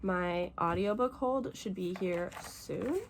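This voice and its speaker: A young woman from the United States, a book vlogger chatting casually and gushing emotionally, rambling fast with lots of fillers while teary. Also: lowish voice, slight background noise. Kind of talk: casual vlog chat.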